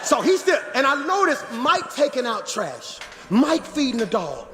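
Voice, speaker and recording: A man in his forties, a pastor preaching in a church sanctuary, animated, with shouted and sing-song phrases. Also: very high voice, normal speed, hardly any pauses, faint music behind. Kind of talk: sermon.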